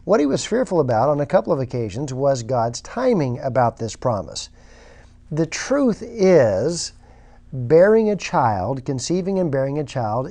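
A man's voice: medium pitch, vocal fry, dark tone. A man preaching a sermon, reading scripture aloud and stressing points with emphasis. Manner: emphatic, reads scripture aloud, repeats words when restarting.

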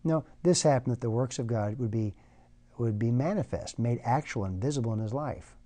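A man's voice: mid-range voice, a little fast, mellow. A man preaching a sermon in a conversational way, often repeating words as he goes.

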